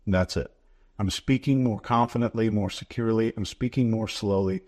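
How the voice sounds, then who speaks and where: A man, a guest in an interview, explaining ideas in a measured, instructive way and repeating key phrases for emphasis. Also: fairly low pitch, a little mellow. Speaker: behavior expert guest.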